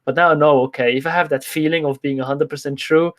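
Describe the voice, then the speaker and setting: A man's voice: fairly high pitch, steady tone, quick pace, fairly bright tone. A man from Switzerland with a Swiss accent, a fitness coach answering viewer questions in a candid, rambling livestream chat full of restarts.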